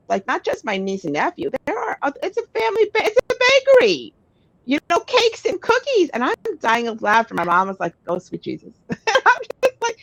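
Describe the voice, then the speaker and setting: A woman in her thirties, a podcast co-host, telling a story in a casual, animated way with lots of swearing and restarts. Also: mid-range voice, no echo, poor audio. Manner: animated, profane, frequent restarts.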